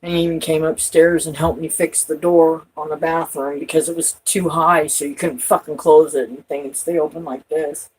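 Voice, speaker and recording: A woman vlogging in a rambling, profane monologue, swinging from loud outbursts to trailing off. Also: low voice, fairly even intonation, moderate pace, hardly any pauses, slightly rough, poor audio. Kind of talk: rambling personal talk to camera.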